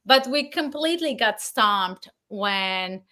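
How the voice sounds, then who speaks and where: A woman Foley artist telling stories as an interview guest, animated and laughing, acting out the voices of the people she quotes. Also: medium pitch, slow pace. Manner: animated, acts out quoted dialogue, laughs often. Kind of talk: casual interview storytelling.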